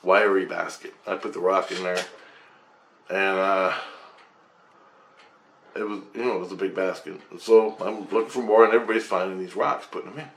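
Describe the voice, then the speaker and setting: Low-voiced man telling a rambling story. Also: moderate pace, long pauses, slight background noise. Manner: rambling, profane, excitable. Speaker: vlogger. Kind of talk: personal storytelling to camera.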